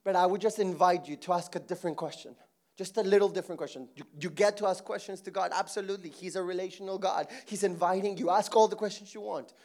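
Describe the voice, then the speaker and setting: A middle-aged man from Mexico preaching a sermon, swinging between soft intimate moments and loud emphatic passages, his voice going hoarse. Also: high voice, steady tone, fast. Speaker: pastor.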